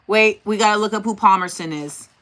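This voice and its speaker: A woman's voice: medium pitch, brisk, pushed and bright. A woman hosting a casual livestream, thinking aloud and talking directly to her chat. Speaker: host.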